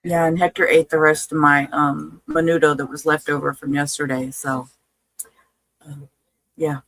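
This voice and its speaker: A woman's voice: low voice, level tone, normal speed, a bit bright, no echo, low-quality recording. A woman hosting a livestream in casual chat, talking in a chatty, frustrated way about her stream failing. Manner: chatty, frustrated, swearing and laughing. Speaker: livestream host reacting to body cam videos.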